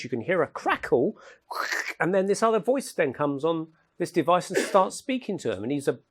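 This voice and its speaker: A man with a somewhat high voice gives a loose, anecdotal talk. He rambles from story to story and often laughs at his own jokes. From England. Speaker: speaker at a paranormal talk. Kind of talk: informal lecture with anecdotes. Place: lecture room at an event.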